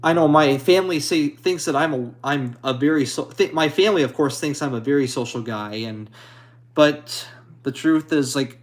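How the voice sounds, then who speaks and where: Guy on a stream reading chat, kinda high voice, stops and restarts a lot, apologizes, a bit nervous. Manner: halting, hesitant, with many restarts; apologetic and modest. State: a little anxious. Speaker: streamer answering viewer comments. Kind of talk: casual live chat.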